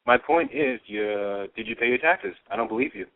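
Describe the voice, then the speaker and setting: A man's voice: medium pitch, animated, a little fast. A male caller on a radio show, needling the host and repeating his question. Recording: tinny phone line.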